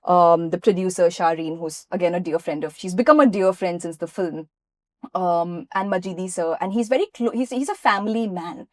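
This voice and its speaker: A woman from India, an actress being interviewed, who tells lively anecdotes and acts out what people said. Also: fairly low pitch, moderate pace, no echo. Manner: lively anecdotes, often acting out quoted dialogue. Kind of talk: interview storytelling.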